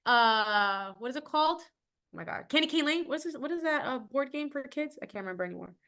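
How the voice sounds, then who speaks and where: Bright, chatty woman guest. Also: high-pitched, expressive, brisk. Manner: reflective, chatty, many fillers. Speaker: podcast guest, actress. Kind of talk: casual interview chat.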